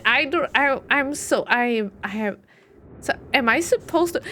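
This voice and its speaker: A woman's voice: extremely high pitch, expressive, moderate pace, a bit bright, slight background noise. A young woman streaming a game live, chatty and thinking aloud while talking to her chat. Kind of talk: live gameplay commentary.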